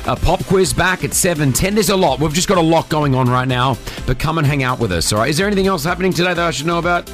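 A man's voice: fairly high pitch, animated, fairly bright tone, soft background music. A man hosting a morning radio show, upbeat and jokey as he chats with co-hosts and callers. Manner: upbeat, jokey, fast-talking. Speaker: radio host. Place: radio studio. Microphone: studio mic.

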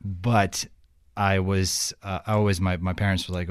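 Deep-voiced man with a Ukrainian accent. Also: normal speed, clean tone. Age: young adult. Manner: animated, acts out quoted people, laughs often. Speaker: guest. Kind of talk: casual storytelling interview.

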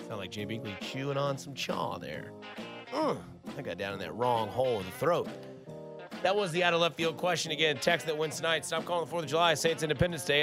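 A man hosting a casual late-night sports radio show from a studio, talking in a rambling, conversational way and correcting himself as he goes. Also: mid-range voice.

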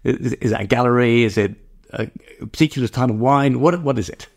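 A man's voice: medium pitch, fairly quick, gravelly. A man hosting a podcast interview who laughs often and asks long, searching questions. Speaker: podcast host.

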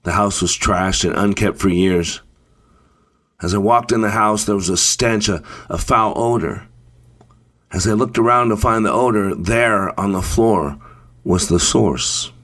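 A man telling a dramatic first-person story in a measured way, with deliberate pauses. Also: on the low side, a bit bright.

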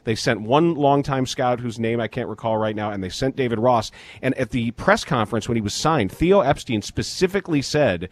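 A man hosting a casual baseball talk, measured and full of statistics. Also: medium pitch, expressive, dry recording. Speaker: sports show host.

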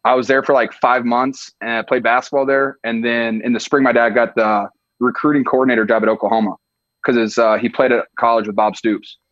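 A man's voice: medium pitch, level tone, a little fast, no room sound, muffled recording. A young man from the US Midwest, a football player chatting as a guest, laid-back and full of filler words. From Iowa, US Midwest. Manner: laid-back, peppered with "like" and "dude". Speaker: podcast guest, tight end. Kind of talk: casual chat.

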